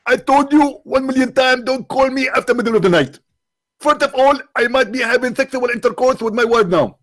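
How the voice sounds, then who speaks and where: A man's voice: extremely high pitch, a little fast, pitched above the performer's own voice. A man putting on the voice of a smug, mocking male preacher who taunts and giggles. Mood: exasperated.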